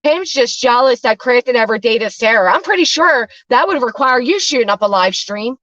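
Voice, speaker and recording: A woman's voice: on the high side, expressive, moderate pace, fairly bright tone, no echo, highs cut off. A woman hosting a drama commentary show, ranting with profane scorn. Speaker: commentary channel host.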